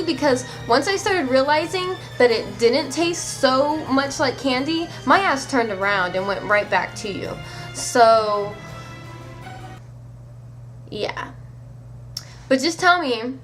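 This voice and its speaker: A woman vlogger tells a story to the camera, casual and animated, sounding incredulous and swearing offhandedly. Her voice sits high.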